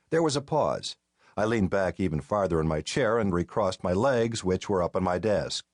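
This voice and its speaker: A man narrating a mystery audiobook in the first person, with a wry, deadpan way of telling the story, on a close studio mic. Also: low voice, moderate pace, no room sound.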